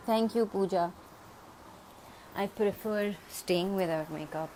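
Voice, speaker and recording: A woman's voice: medium pitch, slow, low-quality recording. A woman chatting on a casual live stream from home, often slipping into coaxing baby talk for her pet dog. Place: at home by the rain. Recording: steady rain noise behind.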